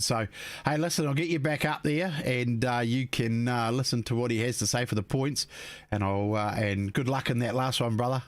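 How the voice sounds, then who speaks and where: A race commentator and stream host leads live stockcar race coverage, chatting with drivers and viewers in a laid-back, matey way and dropping "mate" and "eh" throughout. He has a mid-range voice with fairly even intonation, normal speed, and no room sound.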